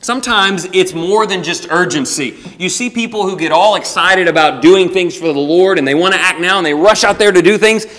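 A man preaching a sermon at a church meeting, emphatic, slowing to stress key words and rising with urgency. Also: high voice, fairly bright tone, big-room sound. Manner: emphatic, shifts between urgent and slow deliberate phrasing. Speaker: visiting preacher.

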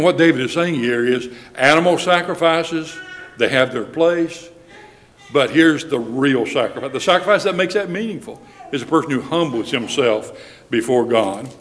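Man, preacher, sermon, measured delivery, slows for scripture, reverberant church hall. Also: medium pitch, fairly bright tone. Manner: measured, slows down when reading scripture aloud.

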